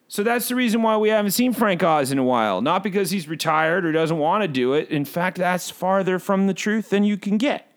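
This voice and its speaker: Recorded in a home booth, this comedic character podcast features a man playing a hyper but bored male bird host who rambles through silly self-talking asides. He uses a high, fairly bright voice in a full character performance.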